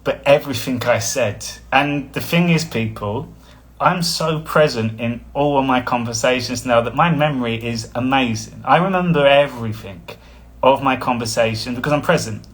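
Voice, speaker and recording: A man's voice: medium pitch, normal speed. Rambling man on a live stream. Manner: rambling, chuckles often, blunt. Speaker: spiritual coach hosting a live stream. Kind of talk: casual livestream talk.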